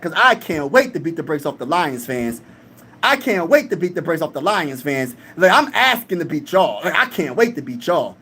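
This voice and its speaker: A man's voice: sits high, fairly bright tone. A young man hosting a live stream in casual chat, reading comments aloud and talking boastfully.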